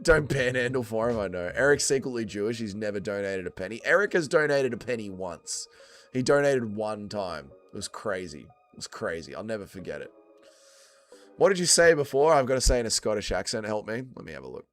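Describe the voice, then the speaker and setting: A man's voice: fairly low pitch, big pitch swings, a little fast, a bit bright, soft background music. A young man hosting a livestream, chatting casually and sarcastically, swearing freely and reading out chat messages. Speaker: livestream host.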